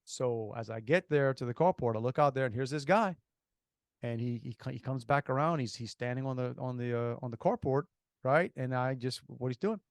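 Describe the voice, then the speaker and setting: A man's voice: mid-range voice, a little fast, dry recording, clean studio sound. A man with a Cajun accent, co-hosting a podcast and telling a long rambling story with many restarts. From Louisiana. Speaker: podcast co-host. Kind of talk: casual storytelling.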